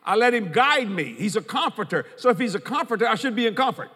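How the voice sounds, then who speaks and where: A man's voice: sits high, animated, fast, pushed and bright, husky, in a large hall. A man preaching a sermon as pastor, quoting scripture and repeating key lines for emphasis.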